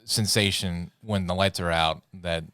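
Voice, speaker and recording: Deep-voiced man rambling through podcast stories. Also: steady tone, unhurried, pushed and bright, no room sound, studio quality. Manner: rambling storyteller, laughs often, loses his words. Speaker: podcast co-host. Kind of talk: casual podcast chat.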